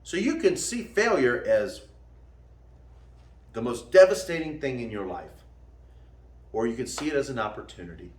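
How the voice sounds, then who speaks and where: A man's voice: mid-range voice, big pitch swings, moderate pace, long pauses, reverberant. A man who teaches martial arts, giving a folksy motivational talk, calling the listener "man" and laughing at his own jokes.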